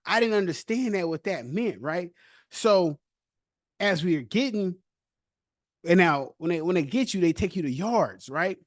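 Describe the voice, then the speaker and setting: A young man hosting a podcast, telling his own story casually with loose street slang and animated retellings. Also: high-pitched, unhurried, no echo, studio quality.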